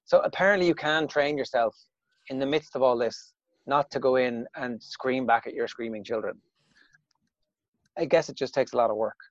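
A man hosting a casual podcast, chatting quickly and recounting anecdotes. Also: medium pitch, no echo, highs cut off. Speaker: podcast host. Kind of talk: casual chat.

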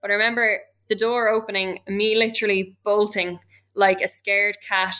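A young woman with an Irish accent tells her own story in a candid, emotional way. Her voice is bright and forceful, and her pitch sits in an ordinary middle range. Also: level tone, moderate pace. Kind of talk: personal account.

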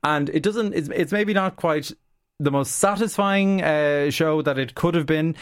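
A man's voice: on the high side, measured pace, dry recording, studio quality. A man reviewing TV shows in casual radio chat, opinionated and given to restarts. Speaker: TV critic guest.

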